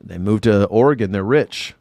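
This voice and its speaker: A man's voice: lowish voice, normal speed, a little mellow, no room sound. A man doing casual livestream commentary, rambling and profane as he answers viewers by name. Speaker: independent news and culture commentator. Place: home in Southern California.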